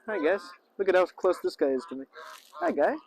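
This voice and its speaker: A man's voice: fast, low-quality recording. A man vlogging outdoors at a lakeside park. He chats casually and playfully and keeps greeting the birds in a raised voice, with faint honking of geese behind him. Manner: chatty and playful, often talks to the birds in a high voice. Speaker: vlogger and English teacher host. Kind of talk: casual outdoor vlog narration. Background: geese and ducks honking faintly.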